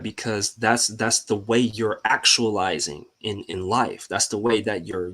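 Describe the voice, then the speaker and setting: Husky-voiced man giving an animated pep talk. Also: on the low side. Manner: animated, asks himself rhetorical questions, laughs often; slangy and informal. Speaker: host of a live mindset show. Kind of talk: casual motivational talk.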